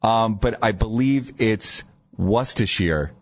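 A man's voice: medium pitch, animated, brisk. A middle-aged man co-hosting a morning radio show, chatty and stumbling over words. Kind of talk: casual radio banter.

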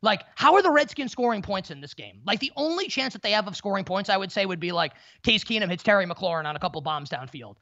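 A man in his thirties talking in casual sports-betting banter, in a rapid, profane, stammering rant. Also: sits high, sing-song, pushed and bright. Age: 30s. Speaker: co-host. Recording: dull lo-fi audio.

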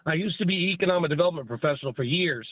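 A man's voice: fairly high pitch, lively intonation, very fast, slightly rough, dry recording. Emphatic middle-aged male caller on a tinny phone line. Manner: emphatic, insistent, keeps saying "you know what I mean". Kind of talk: phoned-in opinion.

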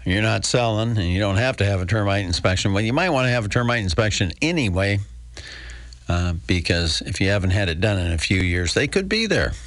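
Older man, gravelly voice, low pitch, folksy chatty radio host, wry asides. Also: fairly quick, a bit bright, dry recording. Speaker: real estate radio host. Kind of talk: casual radio talk with a live ad read.

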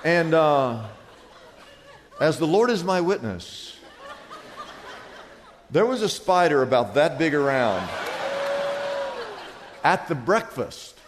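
A man preaching a sermon as pastor, telling stories with big swings between loud and soft. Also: takes it slowly, long pauses, big-room sound, background noise. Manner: animated storytelling with wide swings in pitch and volume.

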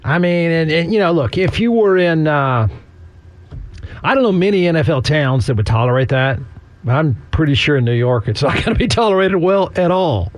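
A man's voice: on the high side, expressive, normal speed, no echo. A man hosting a sports talk radio show, chatting casually in a sarcastic, rambling way with frequent chuckles.

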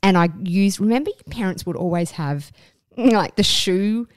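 A woman's voice: mid-range voice, animated, normal speed, no room sound. Candid, swearing Australian woman co-host. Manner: candid, swears freely, self-mocking. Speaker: podcast co-host. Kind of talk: casual chat.

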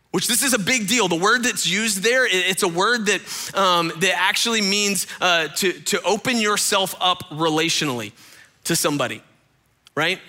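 A male pastor giving a casual, talky sermon. His voice is very bright and sits a little high. He often doubles back on words and speaks straight to the room. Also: moderate pace. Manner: conversational, repeats words, addresses listeners directly.

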